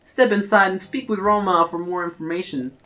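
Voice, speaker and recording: A game player voicing a cheerful young woman who advertises a hotel in a bubbly sales pitch, reading game dialogue aloud. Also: steady tone, a little fast, bright, forceful tone, natural voice.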